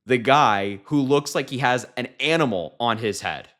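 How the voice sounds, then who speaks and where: A man at a middle pitch runs through political commentary in a sarcastic, incredulous tone. He mocks what he has just heard and keeps his delivery quick and pointed. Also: a bit bright.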